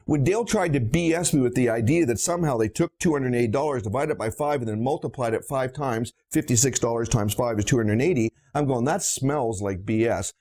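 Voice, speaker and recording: A man's voice: medium pitch, fast, creaky, few pauses, darkish tone. A middle-aged man, a dentist, lecturing bluntly on practice finances with emphatic storytelling and rhetorical questions.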